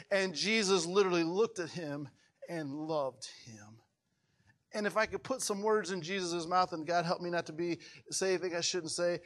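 Pastor, male, fairly high voice; dramatic sermon delivery, rises to loud peaks and drops to near-whispers. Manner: dramatic, swings from loud high peaks to hushed low tones; acts out quoted voices within the sermon.

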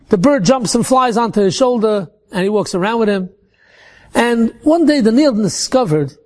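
A man telling a religious story in an animated way, often repeating words as he restarts. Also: very high voice.

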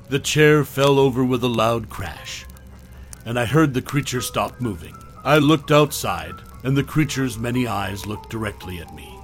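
A man narrating a first-person horror story in a plain, steady storytelling voice, reading the dialogue as he goes. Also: mid-range voice.

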